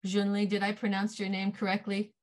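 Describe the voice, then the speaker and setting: A woman's voice: medium pitch, monotone, fairly quick. A woman hosting an online meeting discussion, earnest and a little hesitant, with light laughs. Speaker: meeting host.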